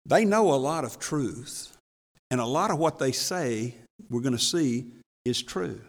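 A man preaching a sermon as pastor, folksy and chuckling, swinging between hushed asides and raised emphasis. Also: medium pitch, lively intonation, a little slow. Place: church sanctuary. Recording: long hall reverb from church.

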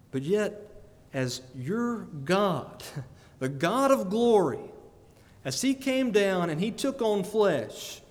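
A man preaching a sermon, animated and often breaking into laughter between emphatic peaks. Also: high-pitched. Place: church sanctuary. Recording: long church reverb.

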